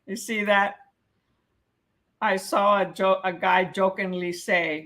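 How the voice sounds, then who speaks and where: A woman's voice: medium pitch, slow, fairly bright tone. A woman teaching a live real estate exam prep class, reading questions aloud and explaining the answers, often checking in with "okay?".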